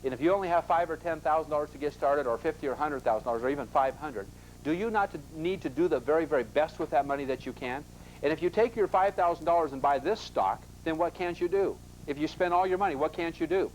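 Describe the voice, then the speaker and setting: A man's voice: a little high, fast talker, a little hiss or hum, poor audio. A man teaching a live investment seminar in a classroom, emphatic and constantly asking the audience rhetorical questions.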